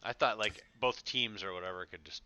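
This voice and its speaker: A man's voice: on the low side, brisk, pushed and bright, smooth, no room sound, dull audio. A man playing a tabletop game, teasing and joking with the others in casual banter. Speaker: player.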